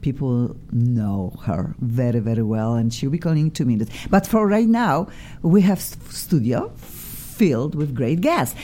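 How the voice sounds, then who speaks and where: A woman's voice: lively intonation, unhurried, few pauses, mellow. A woman with a Polish accent hosting a radio talk show from a studio, effusive and theatrical. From Poland. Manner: exuberant and theatrical, swooping pitch.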